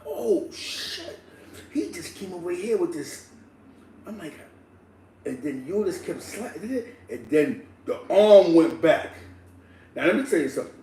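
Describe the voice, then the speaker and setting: A man telling a street story in slangy, animated casual talk, laughing and acting out the people in it. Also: on the high side, moderate pace, slight background noise. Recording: roomy echo, distant mic, faint ambience.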